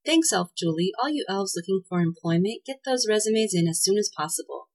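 A woman hosting a podcast and reading a children's story with a cheerful, clear delivery. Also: medium pitch, lively intonation, fairly quick, hardly any pauses, a little mellow, rough recording. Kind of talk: scripted narration of a children's story.

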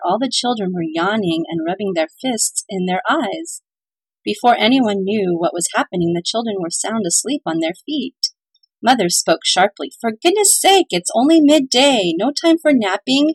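A woman's voice: mid-range voice, husky, no room sound, rough recording. A woman narrating a children's Christmas story in a playful, cheerful announcer manner. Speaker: radio-style story reader. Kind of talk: scripted narration and reading.

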